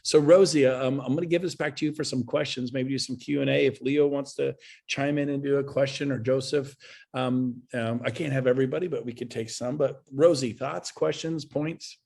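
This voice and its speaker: Gravelly, energetic man giving a motivational talk. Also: medium pitch, moderate pace. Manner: energetic, folksy, emphatic, with repeated phrases. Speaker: guest speaker at a real estate webinar. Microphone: video call.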